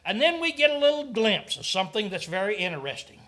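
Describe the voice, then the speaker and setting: A man preaching a sermon, often clearing his throat and asking his listeners rhetorical questions. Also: high-pitched, very animated, fast talker, few pauses, sharp tone.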